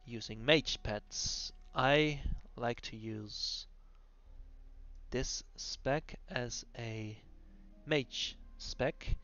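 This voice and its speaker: A man's voice: medium pitch, very slow, sharp tone. A man voicing over a video game class guide, explaining hesitantly with many fillers. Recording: dull lo-fi audio with faint music.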